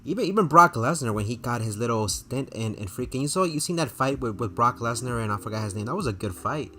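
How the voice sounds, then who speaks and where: A man's voice: medium pitch, expressive, quick pace, bright, forceful tone, soft background music. A man streaming a game and chatting casually with his viewers, laughing often. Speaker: gaming streamer. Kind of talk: casual live-stream chat.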